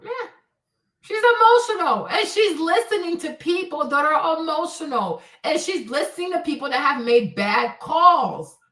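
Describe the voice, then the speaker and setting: Echo fills the room, and the mic catches her from a little way off. She's a woman in her 40s ranting on a live stream, casual yet blunt and preachy, frequently checking in with "right?". Her high-pitched voice is fairly bright, unhurried, with lively intonation.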